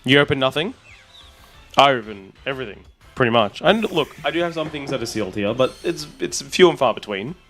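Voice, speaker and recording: A man, a streamer, chatting casually and excitably with his audience while rambling on. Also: medium pitch, fairly quick, faint music behind. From Australia. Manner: excitable, rambling, talks to chat. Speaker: streamer and content creator. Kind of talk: casual live-stream chat.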